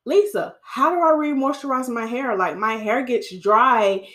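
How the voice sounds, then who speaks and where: A woman's voice: a little high, a little slow, fairly bright tone. A woman voicing a worried female client asking how to keep her hair moist. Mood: pleading.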